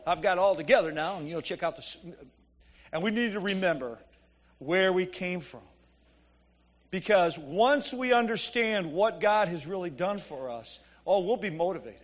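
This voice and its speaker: A man's voice: high-pitched, fairly bright tone. A man preaching a sermon in a church, telling stories conversationally and asking the congregation "Amen?". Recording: long reverb of a church hall.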